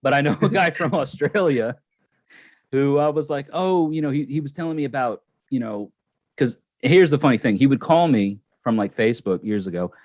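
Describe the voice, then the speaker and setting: A man's voice: medium pitch, animated, brisk, a little mellow, no echo. A man hosting a casual live stream, telling a long rambling story with many restarts and fillers. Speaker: channel host.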